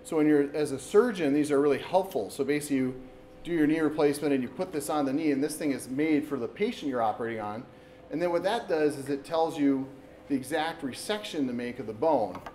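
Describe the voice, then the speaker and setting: A man in his thirties from Wisconsin, an orthopedic surgeon giving a relaxed public talk to an audience, speaking conversationally with lots of restarts. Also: fairly high pitch, a little fast, a little hiss or hum, low-quality recording. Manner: conversational, with frequent restarts and "so basically". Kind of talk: informal public lecture. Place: meeting room with an audience. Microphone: camera recording in the room.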